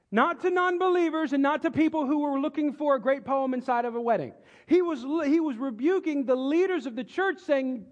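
A male pastor preaching a sermon in a church, talking in a casual, joking way and teasing the congregation. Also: very high-pitched. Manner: conversational, joking, teases the congregation. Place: church sanctuary. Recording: dull lo-fi sound with long hall reverb.

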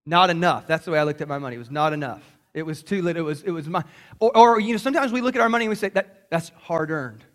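High-voiced animated preacher man. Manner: animated, acts out voices in quotes. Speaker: pastor. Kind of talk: sermon.

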